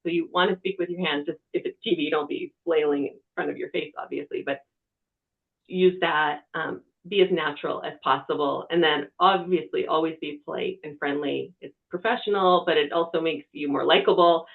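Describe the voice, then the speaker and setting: A TV reporter presenting a webinar, giving practical media-training advice in a conversational way, from a quiet room. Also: medium pitch, steady tone, normal speed, vocal fry. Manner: conversational, talks with hands. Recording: tinny phone-like webinar audio.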